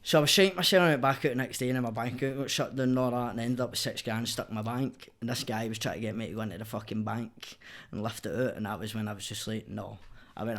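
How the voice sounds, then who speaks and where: A man's voice: mid-range voice, steady tone, fast, a bit bright. A young man with a Glaswegian accent, telling his story as a podcast guest in blunt, sweary casual chat. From Scotland.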